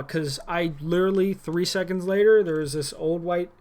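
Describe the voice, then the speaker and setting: A man's voice: sits high, fairly even intonation, moderate pace, a little mellow. A young man ranting about a former job in a rambling, irritated way, with frequent restarts and fillers. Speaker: former gym employee. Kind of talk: casual vlog rant.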